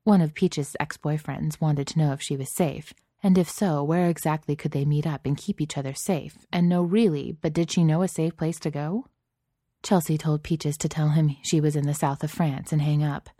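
A woman reading a story aloud as narrator, in a dry, even storytelling manner. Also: low voice, normal speed, no room sound. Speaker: audiobook narrator. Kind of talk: scripted narration.

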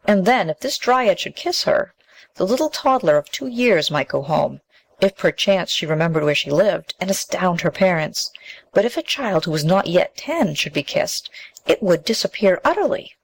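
A woman narrating a fairy tale in a measured, expressive storybook reading. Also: lowish voice, low-quality recording.

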